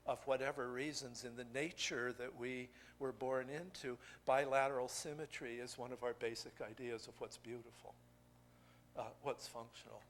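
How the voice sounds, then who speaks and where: An older man giving a poetry craft lecture to an audience, musing and digressive, thinking aloud with pauses. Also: medium pitch, a little hiss or hum.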